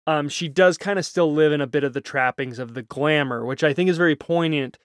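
A man's voice: fairly high pitch, a little fast, dry recording, clean studio sound. A man co-hosting a podcast, comparing films in a casual, analytical way with small chuckles. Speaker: podcast co-host. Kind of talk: casual film discussion.

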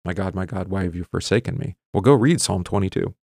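A middle-aged pastor with a low, gravelly voice reads long scripture passages, his emphasis climbing on the pleading lines. Between readings he explains in loose asides with ums and quick restarts. The sound is dry and close, with no room behind him. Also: darkish tone, no room sound. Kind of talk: bible reading and teaching.

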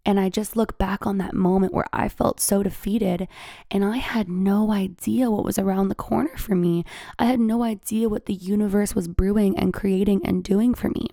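A young woman YouTuber telling a personal story to camera, candid and lively, laughing often and sometimes dropping to a whisper. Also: mid-range voice, gravelly, dry recording, studio quality.

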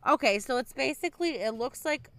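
A woman's voice: high-pitched, a little fast. A woman in her twenties co-hosting a podcast, recapping bluntly in casual chat. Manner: lively storyteller, blunt. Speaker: podcast co-host.

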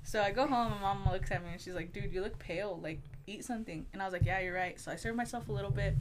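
A young woman telling a personal story in casual chat, animated, swearing a lot and acting out the voices she quotes. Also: medium pitch, fast, background noise. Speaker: guest storyteller.

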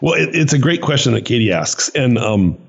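Husky low-voiced doc, keeps restarting, ums a lot, kinda dull muffled sound. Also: male voice, big pitch swings, fairly quick. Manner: hesitant, many restarts and fillers. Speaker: doctor co-host. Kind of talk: casual podcast chat.

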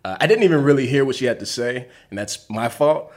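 A man telling a story in casual chat, animated and laughing, swearing freely. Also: mid-range voice, brisk.

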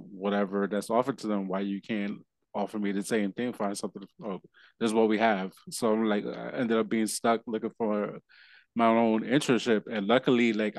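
A man hosting a podcast, telling a story in a rambling, halting way, with laughs as he vents. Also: lowish voice, no echo. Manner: rambling, halting restarts, laughs while venting. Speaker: podcast host. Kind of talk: casual conversation.

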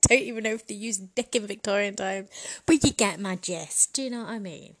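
A woman's voice: medium pitch, moderate pace. A woman in a frank, bawdy comedic monologue, chatting casually and laughing often. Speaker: vlogger.

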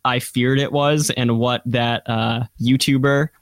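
A man chatting about a movie on a podcast, halting and repeating words as he builds his point. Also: medium pitch, steady tone, clean tone, no room sound, studio quality. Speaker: podcast co-host reviewing a movie. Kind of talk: casual chat.

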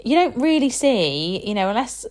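A woman's voice: fairly high pitch, sing-song, normal speed, darkish tone. A woman in her thirties, a parent chatting casually and rambling with lots of fillers. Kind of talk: casual chat.

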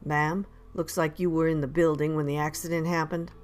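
A woman's voice: low voice, little pitch movement, a little fast, faint music behind, close to an everyday voice. A woman narrator voicing a tall, terse older male sheriff's deputy who speaks in clipped orders, in an audiobook. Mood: curt.

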